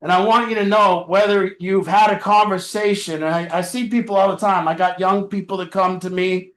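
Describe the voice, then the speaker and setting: Man, high voice, earnest preaching cadence, support group leader, echoey room. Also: fairly even intonation, fairly quick, a bit bright. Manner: earnest, repetitive preaching cadence with rhetorical questions. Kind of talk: motivational group talk.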